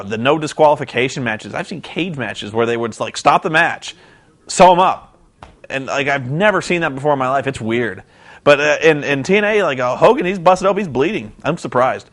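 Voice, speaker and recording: A man rambling through a casual recap of a wrestling show, animated and loose, often breaking into shouted impressions. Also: mid-range voice, normal speed.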